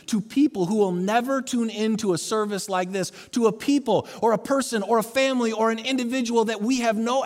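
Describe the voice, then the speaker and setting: A man preaching a sermon as pastor, with dynamic delivery that swings between loud urging and soft, hushed passages. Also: high voice, big-room sound.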